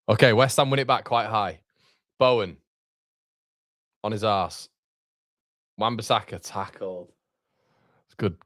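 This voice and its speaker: A man with a fairly low voice hosts a live football watchalong, reading out viewers' messages between bursts of reaction. He repeats himself, trails off and swears, and his voice jumps higher when a chance comes. The sound is dry and close, with no room echo. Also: fairly bright tone. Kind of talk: live match reaction commentary.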